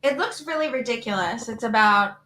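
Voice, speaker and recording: A woman co-hosting a casual book chat, relaxed and a little hesitant, often trailing off. Her voice is fairly high and bright, and it carries a roomy echo. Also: a little fast. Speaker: podcast co-host. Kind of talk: casual chat about romance books.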